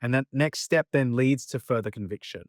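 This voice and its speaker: Young male guest, thoughtful and earnest, close dry mic, mid-pitched voice. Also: a little fast, dry recording. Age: young adult. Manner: reflective, earnest, repeats himself while thinking. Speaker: guest speaker and coach. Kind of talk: conversational interview.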